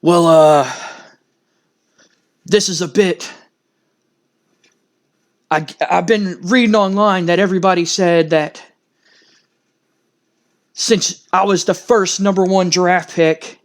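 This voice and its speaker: A man's voice: high voice, fairly even intonation, slow pace, long pauses. A man voicing an arrogant male wrestling champion who blusters and swears. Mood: indignant. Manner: blustering, cursing.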